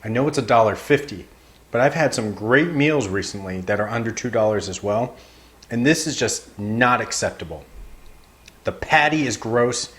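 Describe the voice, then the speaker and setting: Dude reviewing frozen dinners on camera, wry and kinda fed up in a joking way, middle-pitched voice. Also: male voice, lively intonation, moderate pace, a bit bright. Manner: wry, playfully exasperated, addresses viewers as guys. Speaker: frozen food reviewer, show host. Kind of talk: casual food review to camera.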